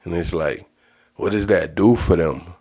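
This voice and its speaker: A man with a low, deep voice speaks in a casual livestream monologue. He is blunt and profane and circles back to repeat his points. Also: a little slow, a little mellow, husky. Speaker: livestream host.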